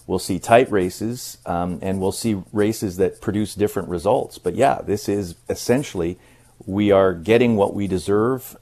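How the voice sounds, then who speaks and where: Deep-voiced man analyzing politics. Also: dark tone. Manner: measured, explanatory, thinks aloud with restarts. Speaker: radio news host and political commentator. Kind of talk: political analysis on a radio call-in.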